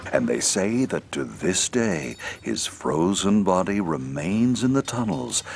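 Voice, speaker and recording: An actor playing a father at a carnival who tells his son a spooky local rumor in folksy, drawn-out game dialogue. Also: low voice, sing-song, creaky, slight background noise, full character voice. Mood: spooky storytelling. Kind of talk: video game voice acting. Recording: game audio with music underneath. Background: game music.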